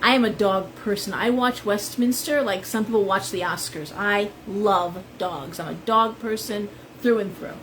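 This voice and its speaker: Woman, tarot shop owner, live-stream chat, rambling storyteller, medium pitch. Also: normal speed, hardly any pauses, fairly bright tone, a little hiss or hum, poor audio.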